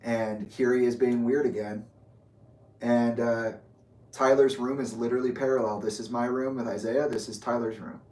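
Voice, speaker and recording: A man tells a story in casual conversation, animated and profane, and acts out the people in it. He sits at a distance from the mic, and the room rings with echo. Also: mid-range voice, normal speed. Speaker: guest storyteller. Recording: echoey room, mic far off.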